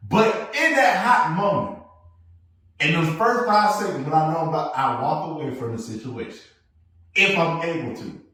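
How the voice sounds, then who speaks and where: A man co-hosting a podcast, chatting casually and telling stories, jumping between loud bursts and low asides. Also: expressive, normal speed. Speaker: podcast co-host. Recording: echoey room, mic at a distance.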